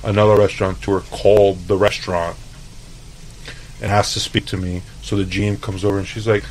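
A man's voice: lowish voice, level tone, a little fast, a little hiss or hum, low-quality recording. A man from El Paso, a chef guest telling laid-back, profane stories in a casual interview. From El Paso, Texas.

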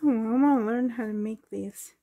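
A woman unboxing a parcel in her bedroom, breaking into excited exclamations and soft whispers. Her voice sits high but has a husky, gravelly grain. She talks at an unhurried pace. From Canada. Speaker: doll collector vlogger. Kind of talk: unboxing vlog. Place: bedroom at home.

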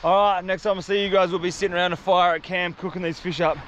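A young Australian man vlogging a solo survival trip outdoors, excitable and slangy, talking straight to camera. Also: sits high, fast talker, highs cut off, a little hiss or hum. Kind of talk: casual outdoor vlog. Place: outdoors on a beach in the bush.

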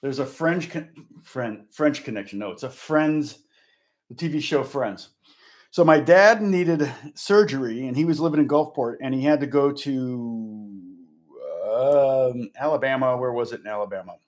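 A man's voice: mid-range voice, a little slow. A man, a guitar teacher, telling a casual story and stopping often to correct himself. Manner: rambling, stops to correct himself.

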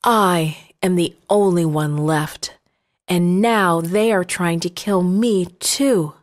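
A woman's voice: fairly low pitch, slow pace. A woman reading an earnest prophet. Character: earnest bold male prophet of old. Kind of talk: children's Bible story reading.

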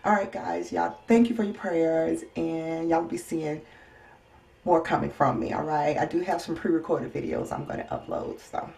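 A weary woman in pain giving a casual personal health update as a vlogger at home, soft-spoken and halting, with many ums and sighs. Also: low-pitched, steady tone, creaky. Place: home, indoors.

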